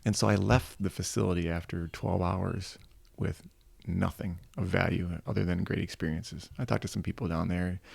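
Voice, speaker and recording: A middle-aged football coach from Michigan talks in a low, rough, gravelly voice with a husky edge. He tells his stories casually and with animation, slipping into the voices of the people he quotes. The sound is close and dry, with no room around it. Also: steady tone, moderate pace, darkish tone, dry recording. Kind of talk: casual storytelling.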